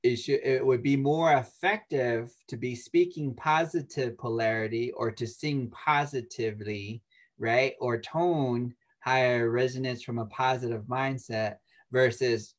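Animated man explaining spiritual ideas. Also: mid-range voice, unhurried. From United States. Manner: animated, laughs often and acts out quoted voices. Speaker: interview guest, shaman. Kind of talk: casual spiritual talk.

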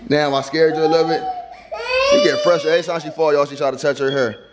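A man's voice: a little high, steady tone, fast, crowd noise. Playful young man coaxing a baby. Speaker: vlogger parent. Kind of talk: casual family vlog. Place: family home.

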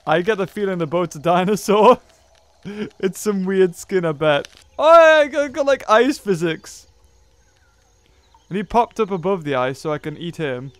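A man giving excitable let's play commentary, laughing, yelping and muttering to himself as he plays. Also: sits high, no room sound. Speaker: gameplay commentator.

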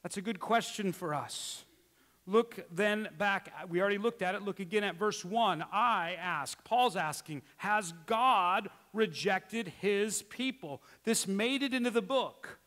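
A male pastor preaching a sermon, emphatic with rhetorical questions, moving between quiet asides and loud exclamations, in a church sanctuary. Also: high voice, unhurried, long reverb tail.

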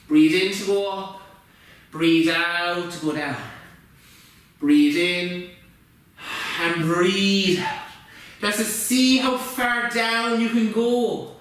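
A man leading a kids' yoga class with gentle, playful, encouraging instructions. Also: high-pitched. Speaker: yoga teacher. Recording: echoey room, mic far off.

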